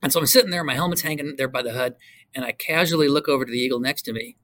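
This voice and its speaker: A man's voice: mid-range voice, very fast, no echo. An older man, a retired fighter pilot from the United States, telling stories in an interview and acting out the other people's voices in them. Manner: acts out voices in his stories, swings between loud and hushed. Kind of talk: animated storytelling in an interview.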